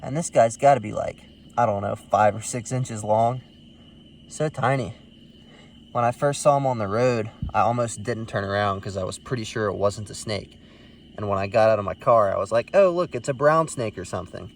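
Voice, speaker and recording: A man with a voice on the low side talks at a moderate pace, with slight background noise. As a field herping vlogger, he finds snakes on a rural road at night, narrating in a chatty, easygoing way and showing fondness for them.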